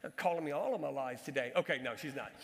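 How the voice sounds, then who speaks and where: A man preaching a sermon with storytelling, animated, swinging between loud outbursts and hushed, earnest moments. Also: mid-range voice, fast talker. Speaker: pastor and basketball coach. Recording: long hall reverb.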